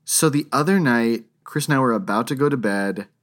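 A man's voice: mid-range voice, fairly quick. A man co-hosting a podcast, telling stories in a casual chat with frequent laughs and fillers. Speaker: podcast co-host.

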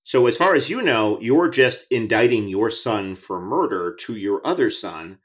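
Low-voiced guy hosting a podcast, chatty, keeps restarting sentences. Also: animated, normal speed. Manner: chatty, enthusiastic, many restarts. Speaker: podcast host. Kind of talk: conversational interview.

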